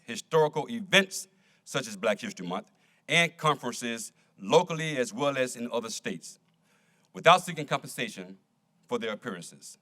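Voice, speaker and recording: Bright-voiced man emceeing an event. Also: medium pitch. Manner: formal announcing. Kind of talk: formal stage introductions. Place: auditorium.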